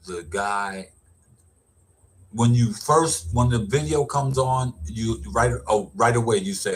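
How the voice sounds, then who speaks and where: A man's voice: medium pitch, slow pace, slight background noise. A middle-aged man, an educator, giving casual, rambling commentary with lots of restarts and repeated words. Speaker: vlogger, educator.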